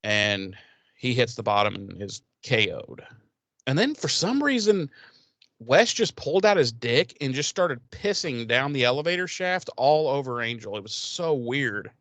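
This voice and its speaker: A man's voice: mid-range voice, big pitch swings, a little slow, a bit bright, no echo. Guy on a podcast retelling an episode, swears a ton, rambly, dry close mic. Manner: profane, rambling storytelling with mocking quoted voices. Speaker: podcast co-host. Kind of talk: casual comedic episode recap.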